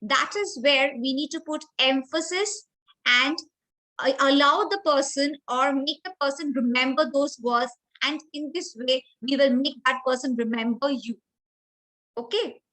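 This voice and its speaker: A woman from India with an Indian English accent, running an online communication training session with clear, instructive delivery and deliberate emphasis. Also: sits high, bright, forceful tone, poor audio.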